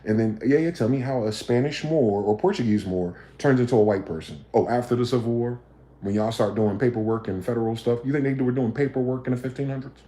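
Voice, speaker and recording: A livestream host rants quickly, swearing freely and hitting listeners with combative rhetorical questions. His mid-range voice has a dark, mellow tone, and the room adds a noticeable echo.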